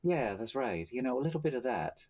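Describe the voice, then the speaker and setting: A man's voice: medium pitch, sing-song, brisk, darkish tone. A man who plays and runs tabletop games, chatting eagerly on a live stream, laughing often and correcting himself as he goes. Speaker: guest player who also runs games. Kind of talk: casual chat on a live stream.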